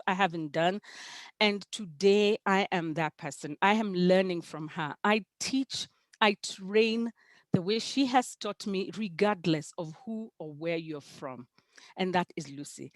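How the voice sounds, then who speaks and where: A woman giving an animated, emphatic testimonial about her business mentor on a group video call. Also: lowish voice, dry recording. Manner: animated, emphatic, repeats "let me tell you". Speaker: business team member giving a tribute.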